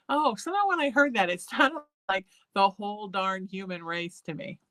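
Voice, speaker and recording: A woman hosting a live psychic show, chatting in a rambling way, laughing often and drifting into soft singing. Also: mid-range voice, normal speed, hardly any pauses, dry recording. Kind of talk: casual live-stream chat.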